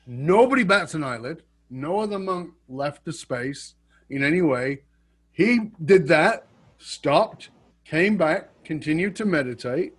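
Man, storyteller, slightly high, animated delivery. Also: unhurried, slightly rough. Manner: animated, acts out quotes, laughs at himself. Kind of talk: casual storytelling.

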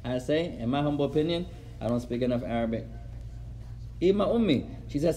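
This teacher's voice sits on the high side, expressive yet dark in tone, brisk with frequent pauses. Leading a lesson for his students, he alternates Arabic and English and repeats words aloud.

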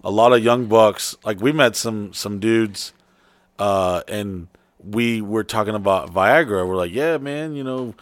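A man's voice: fairly low pitch, unhurried, no echo. A man telling a crude story in casual chat, profane and rambling, full of fillers and restarts.

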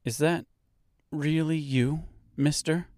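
A man's voice: medium pitch, takes it slowly, a little mellow, dry recording, clean studio sound, pitched above the performer's own voice, lightly acted. A man voicing a stern, impatient young woman heroine in an audiobook, speaking with exasperation. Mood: disbelieving.

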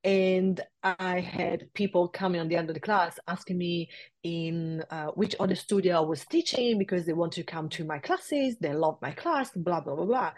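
Woman, 40s, interview guest; animated storyteller, lower-pitched voice, dry close sound. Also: moderate pace, no echo. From south-west London. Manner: lively, laughs often, acts out past conversations. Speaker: interview guest, yoga teacher.

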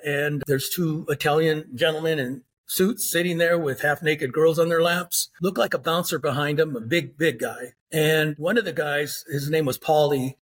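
Older man, ex-undercover cop, husky voice, plain storyteller who acts out the exchanges. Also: on the high side. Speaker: former undercover officer and author. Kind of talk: storytelling interview.

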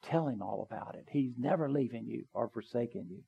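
A man preaching a sermon in a church, earnest and conversational, building to emphatic pleas and dropping to soft, quiet appeals. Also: mid-range voice, animated, fairly quick, creaky, breathy edge, dull audio. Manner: conversational with small asides. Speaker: pastor. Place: church sanctuary, also live streamed.

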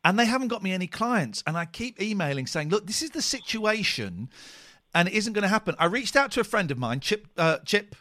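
A man's voice: high voice, big pitch swings, fairly quick, sharp tone, no room sound, studio quality. A man co-hosting a podcast, talking in a casual, emotional and upset way. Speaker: podcast co-host. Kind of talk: casual chat.

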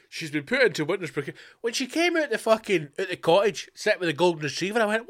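Scottish male podcast host, slightly high voice, profane sarcastic rant, big swings in volume. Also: sing-song, fast talker, hardly any pauses. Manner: sweary, sarcastic, swings between loud outbursts and low mutters.

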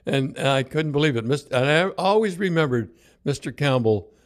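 A man's voice: on the high side, moderate pace. Older man telling rambling hockey tales. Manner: rambling anecdotes, lively, many restarts and quoted voices. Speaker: former hockey coach. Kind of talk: casual storytelling chat.

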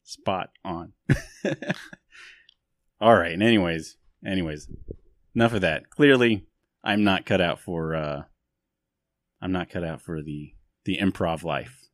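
Deep-voiced joking podcast host man. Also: unhurried, dry recording, studio quality. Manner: joking, self-mocking, rambling. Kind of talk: casual podcast chat.

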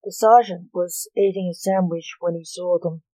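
A woman reading a superhero story aloud, slow and even, with small slips. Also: on the low side, no room sound, poor audio. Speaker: story reader.

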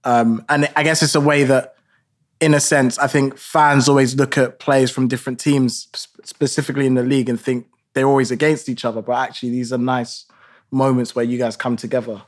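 A man hosting a casual podcast chat, chiming in eagerly with quick agreement. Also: mid-range voice, little pitch movement. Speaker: podcast host.

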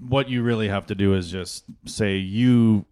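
A man co-hosting a podcast, chatting casually and telling profane, animated stories with shouted outbursts. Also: lowish voice, fairly quick. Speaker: podcast co-host. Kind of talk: casual chat.

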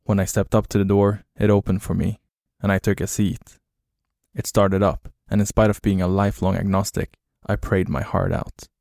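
A man narrating a horror story in a flat, grim, low-key way. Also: normal speed, creaky, dry recording, clean studio sound.

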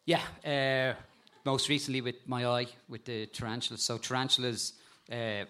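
A man with an animated way of telling stories, a guest talking casually about insects and spiders and laughing at times. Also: medium pitch, normal speed, smooth. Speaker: guest, insect and frog expert. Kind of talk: casual storytelling chat.

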